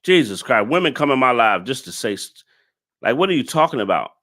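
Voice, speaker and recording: A man's voice: medium pitch, very animated, a little fast, pushed and bright. A man hosting a live stream, reacting to a clip and scolding his chat commenters in an exasperated way.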